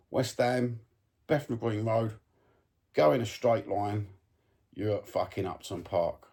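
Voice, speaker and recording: A man's voice: mid-range voice, a little mellow, husky. A Cockney man from East London, ranting bluntly and swearing to his phone camera about football, full of ums. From East London, England. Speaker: football fan vlogger. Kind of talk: casual ranting monologue to camera.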